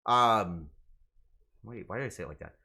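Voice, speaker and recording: A man's voice: lowish voice, lively intonation, normal speed, creaky, pushed and bright. A male streamer in casual live-stream chat, flustered and swearing as he banters with his chat.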